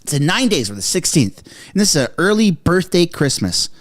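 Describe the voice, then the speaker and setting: A man reacting live to breaking news from his basement, excitable and out of breath, yelling one moment and muttering the next. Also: fairly high pitch, a little fast. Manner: excitable, shouting, swinging from frantic to muttering. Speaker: political commentary streamer. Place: home basement.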